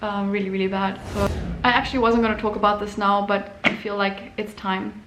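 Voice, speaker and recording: A young woman artist tells a personal story casually, in a middle-pitched voice full of fillers and restarts. The room is echoey, and a faint noise hums behind her. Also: flat delivery, a little fast. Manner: chatty, many fillers and restarts, emotional. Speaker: artist and channel host.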